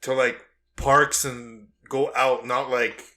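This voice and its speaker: Bright-voiced male podcast host. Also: medium pitch, takes it slowly. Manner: animated storytelling, acts out quarrels. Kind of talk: casual chat.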